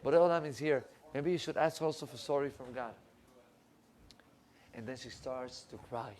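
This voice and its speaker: A rabbi telling a story, animated and acting out the people in it. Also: male voice, moderate pace. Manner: animated storyteller, acts out quoted voices, rising pitch in emotional lines. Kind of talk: storytelling sermon. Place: synagogue.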